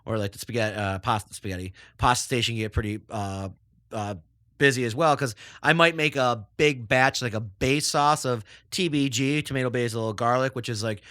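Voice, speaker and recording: A man's voice: mid-range voice, moderate pace, sharp tone, no echo, clean studio sound. A man, a chef guest, chatting casually in an interview and rambling with lots of filler words.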